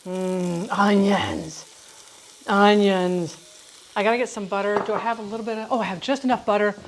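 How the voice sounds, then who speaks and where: A middle-aged cooking show host cooks live in her own kitchen, speaking very fast in a mid-range voice. She rambles through warm stories and keeps turning aside to address viewers, with a frying pan sizzling amid the background noise.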